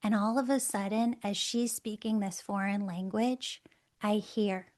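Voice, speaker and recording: A middle-aged woman, a guest on the show, telling a personal story in a lively way, laughing often and acting out the voices she quotes. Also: mid-range voice, unhurried. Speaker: guest, angel communicator.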